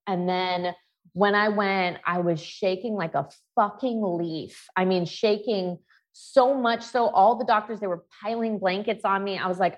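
A woman's voice: lowish voice, dull audio. A woman in her thirties, a podcast co-host, talking frankly and emotionally in candid personal chat and swearing freely.

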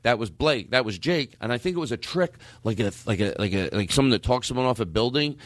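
A man telling a story in a lively, up-and-down voice, full of curses and acted-out quotes. The sound is close and dry, with no room around it. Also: mid-range voice, fast talker, no room sound. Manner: animated, profane, acts out quotes. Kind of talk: casual comedic storytelling.

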